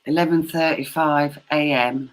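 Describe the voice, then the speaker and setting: A woman with a low voice and an English Midlands accent, talking unhurriedly on a video call. She spells words out patiently and laughs a lot in easy, casual chat. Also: steady tone, measured pace, low-quality recording. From England.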